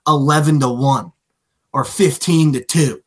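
A man's voice: a little high, moderate pace, slightly rough. A young man in his twenties co-hosting a sports betting podcast, telling stories in a rambling, casual way full of fillers. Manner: rambling storyteller, lots of "like" and "dude". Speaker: podcast co-host.

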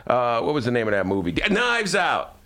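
Brief: male radio host, wildly swooping pitch, loose jokey rambling. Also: huge pitch swings, normal speed, pushed and bright. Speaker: radio show host and columnist. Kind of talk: casual talk radio. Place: radio studio.

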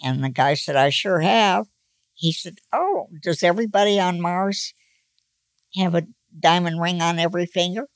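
Creaky-voiced woman in her nineties. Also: lowish voice, no echo. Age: 90s. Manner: slow, folksy joke delivery with voiced characters. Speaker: grandmother telling jokes. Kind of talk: casual joke telling.

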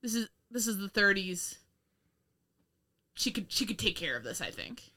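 A young woman reviews a film in loose, rambling chat, full of laughs, swearing and sarcastic asides. Her voice is bright and sits in a middle pitch. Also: very animated, moderate pace. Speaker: podcast co-host.

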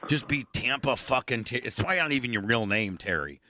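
A man's voice: medium pitch, lively intonation, fast talker, sharp tone, a little hiss or hum. A male radio show host in crude, casual studio banter, brash and full of swearing. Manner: profane, brash, teasing.

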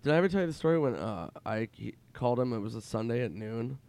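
A male comedian telling animated stories in casual chat, swearing freely. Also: mid-range voice, fast, no echo. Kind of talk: casual podcast storytelling.

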